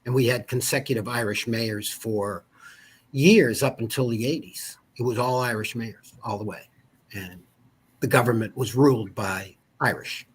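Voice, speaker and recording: Husky fifties guy, insurance agent, rambly storyteller chatting away. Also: mid-range voice, moderate pace. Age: 50s. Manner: rambling storyteller, many asides. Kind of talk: casual interview chat.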